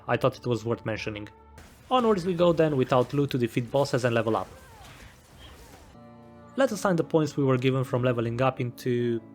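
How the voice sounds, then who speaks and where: A man giving a scripted game review voice-over with a wry, self-deprecating sense of humor. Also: medium pitch. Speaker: gaming video creator.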